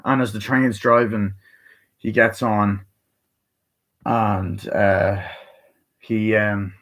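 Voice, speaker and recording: A man giving a casual movie review, rambling excitedly and swearing often as he retells scenes. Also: on the low side, extremely slow.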